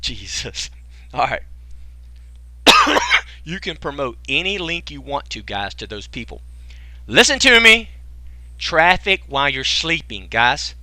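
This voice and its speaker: Joking folksy guy pitching on a webinar, super bright sharp voice, bouncy intonation, dry close mic. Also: normal speed, no room sound. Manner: excitable, joking, folksy slang, lots of rhetorical questions. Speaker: webinar host pitching a business program. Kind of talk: casual sales pitch to a live online audience.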